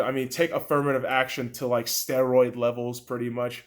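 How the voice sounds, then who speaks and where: With a level tone, normal speed and hardly any pauses, a podcast host unleashes a heated political rant. It's profane and mocking, moving from loud outbursts to low muttering.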